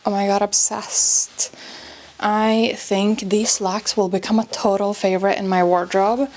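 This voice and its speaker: A woman's voice: mid-range voice, level tone, measured pace, darkish tone. A young woman vlogging from her wardrobe as she tries on outfits, gushing and filling her talk with "like", a little out of breath as she moves around. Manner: breathy and a little out of breath while trying on clothes; gushing, filler-heavy, says "like" a lot. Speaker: fashion vlogger. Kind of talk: casual chatty vlog. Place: her home wardrobe room.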